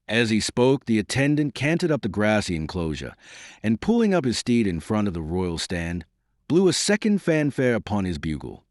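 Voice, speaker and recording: A man narrates an old adventure novel in a steady storytelling manner. His voice is low, with a lively, varied pitch, and the recording is dry and close. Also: normal speed, dry recording. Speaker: audiobook narrator. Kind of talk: scripted narration.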